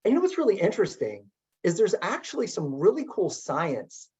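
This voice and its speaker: A middle-aged man telling a story in a webinar talk as keynote speaker, chatty and animated with many filler words. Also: high-pitched, brisk. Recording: dull lo-fi webinar audio.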